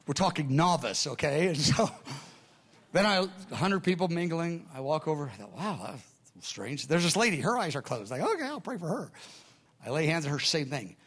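A pastor in the middle of a sermon, telling a personal story. He speaks in a somewhat high, gravelly voice and acts out the people in the story, dropping to a hush and then rising to a cry. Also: a little fast. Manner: animated storyteller acting out voices, shifting from hushed to loud.

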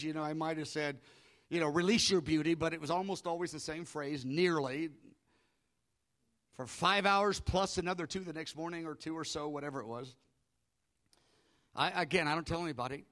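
A middle-aged man preaching, with a somewhat high voice. He tells a personal story in an animated way, acting out his own prayers and often dropping to a near-hush for them. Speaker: pastor. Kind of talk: sermon storytelling.

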